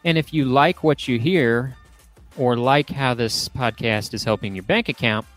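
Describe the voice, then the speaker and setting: A man's voice: mid-range voice, a little slow, fairly bright tone, faint music behind. A man co-hosting a sports podcast, bantering with a light, joking manner. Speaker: podcast co-host. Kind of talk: casual sports podcast chat.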